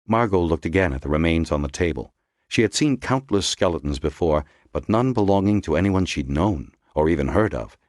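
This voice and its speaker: A man narrating an audiobook in a measured, expressive storytelling manner. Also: a bass voice, no room sound, clean studio sound.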